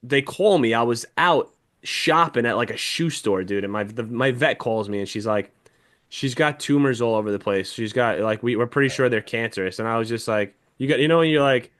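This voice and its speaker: A man's voice: medium pitch, a little fast, fairly bright tone. A young man, a podcast co-host, telling an emotional story in casual chat, swearing heavily as he talks.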